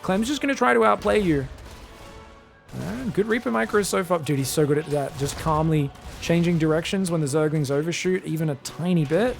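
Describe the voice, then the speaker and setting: A man giving live commentary on a strategy game match, chatty and excitable, breaking into loud shouts at big plays. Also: a little high, a little fast, vocal fry, faint music behind. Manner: chatty, addresses viewers directly. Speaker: esports caster.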